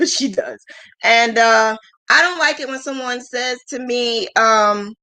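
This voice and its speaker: Pitched fairly high and speaking slowly, a woman in her thirties runs a casual livestream chat in a pushed, bright voice. Frank and self-deprecating, she rambles on, laughs often, and teases herself.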